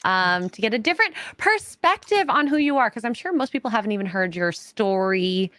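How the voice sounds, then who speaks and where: A woman's voice: mid-range voice, sing-song, fairly quick, pushed and bright, no echo, studio quality. A woman co-hosting a casual talk stream and reading viewer messages aloud. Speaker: co-host. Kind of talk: casual chat, reading donations.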